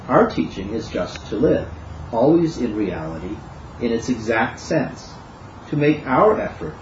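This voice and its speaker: A man reads a Zen text aloud at a calm, measured pace. His voice moves widely in pitch. The recording is lo-fi and roomy, with a faint hiss behind him.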